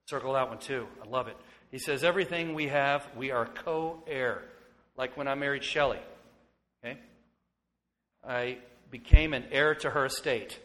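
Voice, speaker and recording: A middle-aged pastor delivers his sermon, his voice sinking hushed and tender, then lifting loud and excited. His words ring out in a long reverb across the sanctuary. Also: mid-range voice, moderate pace. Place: church sanctuary.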